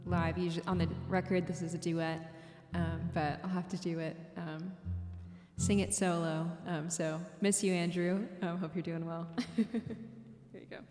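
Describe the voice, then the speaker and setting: A woman singer-songwriter talking softly and hesitantly between songs, with many fillers, at a streamed show. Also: on the low side, flat delivery, moderate pace. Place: borrowed recording studio. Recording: roomy studio with long reverb. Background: instrument music.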